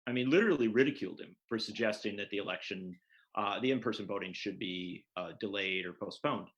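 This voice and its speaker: A man's voice: fairly low pitch, fast talker, a bit bright, muffled recording. A man, a political journalist, explaining at length and earnestly as a guest in an interview over a video call.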